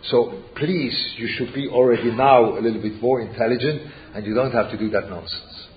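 A man's voice: medium pitch, brisk. A man teaching a Torah class, who asks rhetorical questions, repeats himself and mixes Yiddish and Hebrew terms into his English. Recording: muffled lo-fi recording with faint background noise.

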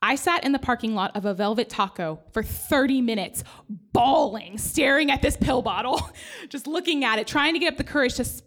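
A woman's voice: sits high, animated, moderate pace, fairly bright tone. A woman telling a candid, self-mocking personal story live, with laughing asides.

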